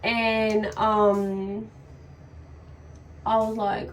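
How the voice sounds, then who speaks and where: A woman's voice: fairly high pitch, flat delivery, extremely slow, pauses often. A young woman telling her birth story in a casual, emotional vlog while doing her makeup, swearing now and then. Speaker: vlogger. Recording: voice a bit far from the mic, faint noise.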